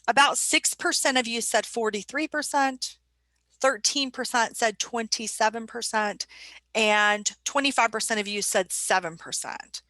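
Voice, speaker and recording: A woman's voice: a little high, a little slow, bright, forceful tone, no echo. A woman presenting a staff training webinar in a conversational way, putting questions to her audience.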